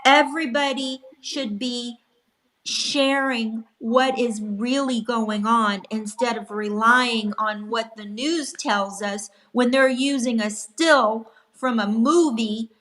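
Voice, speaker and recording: A woman's voice: a little high, fairly even intonation, slow, fairly bright tone. A woman guest on a casual talk show, speaking in an earnest, emphatic way.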